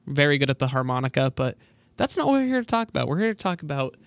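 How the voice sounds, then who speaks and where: A man's voice: medium pitch, sing-song, fast, no room sound. A young man co-hosting a college sports radio show in casual chat, rambling through stories with lots of fillers. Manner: rambling storyteller, full of fillers.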